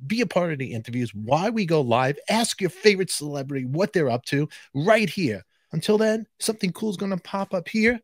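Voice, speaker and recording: A man's voice: a little high, very animated, brisk, few pauses, no echo. A male podcast host giving an upbeat promotional sign-off to close the interview. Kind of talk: outro announcement.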